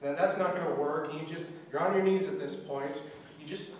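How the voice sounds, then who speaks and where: A man's voice: on the high side, moderate pace. A young man explains stage blocking in a casual way, singing the music cues and acting out the lines. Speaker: student play director. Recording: echoey hall, distant mic, faint noise.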